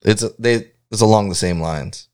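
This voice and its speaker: A man's voice: on the low side, normal speed, clean tone. A man co-hosting a podcast, telling rambling bar stories full of swearing and acted-out quotes. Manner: rambling storyteller, heavy swearing, animated quoted voices. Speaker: podcast co-host. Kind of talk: casual chat.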